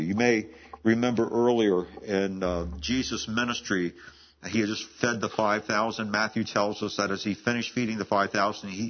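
A man's voice: lowish voice, husky, lo-fi sound. A man in his seventies preaching a sermon in a conversational, storytelling way, often restarting phrases and laughing. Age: 70s. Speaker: pastor.

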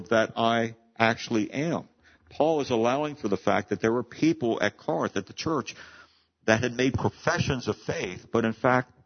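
A man's voice: medium pitch, muffled recording. A man preaching a sermon as pastor, explaining scripture earnestly and reading verses aloud with rising emphasis.

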